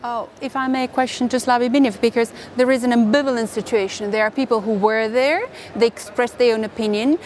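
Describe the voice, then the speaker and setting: Panel moderator, woman; polite questioning, non-native English; slightly high voice, faint noise. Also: fairly even intonation, a little fast, hardly any pauses, darkish tone. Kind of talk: round table discussion.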